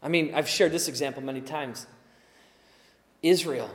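A high-voiced pastor preaches an animated sermon at a moderate pace, swinging between loud emphasis and hushed asides. He stays casual and conversational with fillers and occasional laughs, and a long reverb trails behind every word.

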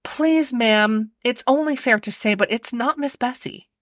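A woman's voice: fairly high pitch, a little slow, no echo, studio quality, close to an everyday voice. A woman voicing a timid young housemaid who speaks in a rustic, deferential servant's way. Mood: earnest, uneasy.

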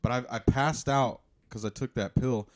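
Speaking at a normal speed in a mid-range voice, this podcast co-host casually spins stories during a relaxed chat. He tells them with lots of animation and doesn't hold back on swearing.

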